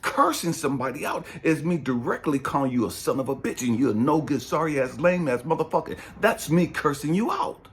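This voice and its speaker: A middle-aged man, a spiritual coach, preaching in an impassioned, emphatic way and swearing freely. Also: a little high. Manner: profane, emphatic, passionate.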